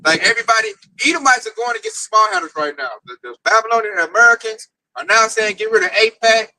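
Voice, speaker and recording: A man leading an informal religious teaching at a camp, excitable and telling stories with quoted voices. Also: high voice, fast talker, poor audio.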